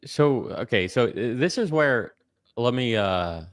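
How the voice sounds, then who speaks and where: A man's voice: mid-range voice, animated, unhurried. A man co-hosting a podcast, joking around and using lots of fillers while acting out spoken commands. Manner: jokey, filler-heavy, acts out commands. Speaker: podcast co-host. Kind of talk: casual panel chat.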